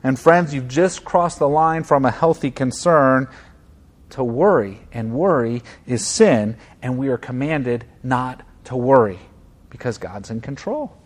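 A man pastor preaching a sermon in an earnest, conversational way, moving between soft moments and emphatic ones. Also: mid-range voice, unhurried.

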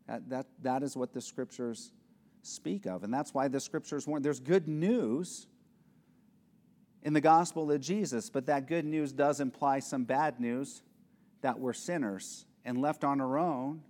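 A man delivers an expository sermon in a church sanctuary, his voice carrying a long reverb through the hall. He is earnest, at an ordinary middle pitch, and sometimes acts out small scenes before pressing a point with emphasis. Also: normal speed, a little mellow. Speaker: pastor.

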